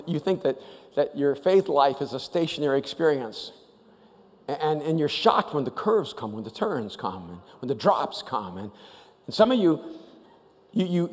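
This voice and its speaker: Male pastor, high voice, storytelling sermon, long hall reverb. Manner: storytelling with animated asides. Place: large church auditorium.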